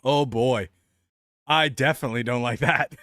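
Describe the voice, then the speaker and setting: A young man chatting casually on a live stream, excitable and laughing often. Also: medium pitch, normal speed, no echo, clean studio sound.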